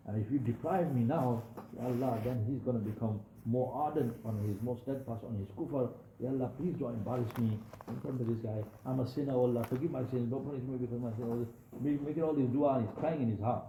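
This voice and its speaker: A man's voice: medium pitch, dark tone, roomy sound, a little hiss or hum, low-quality recording. A young man preaching a sermon, telling a story dramatically with frequent asides to his audience.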